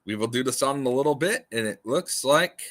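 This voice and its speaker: A man's voice: medium pitch, animated, a little fast, a bit bright. A man hosting a livestream in rambling, casual chat, repeating his points emphatically. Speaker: livestream host.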